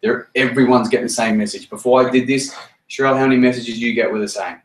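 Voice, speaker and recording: A man's voice: medium pitch, fairly even intonation, quick pace. Brief: man, team leader, blunt and profane, recorded from across a roomy space. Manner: swears freely, repeats himself, straight-talking. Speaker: team leader running a meeting. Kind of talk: blunt motivational talk. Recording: roomy sound from a distance.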